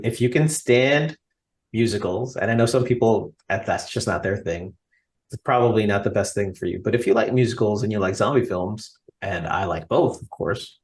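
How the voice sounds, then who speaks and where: Chatty American man, fairly low voice. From United States. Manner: chatty and enthusiastic, many fillers. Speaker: podcast co-host. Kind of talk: casual chat.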